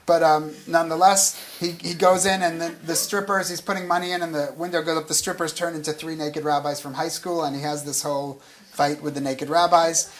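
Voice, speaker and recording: Slightly high and level in tone, this American man talks a little fast with a bit of brightness, and a faint hiss or hum sits in the recording. As an author interviewed at a literary event, he rambles casually, restarts his sentences, and chuckles now and then.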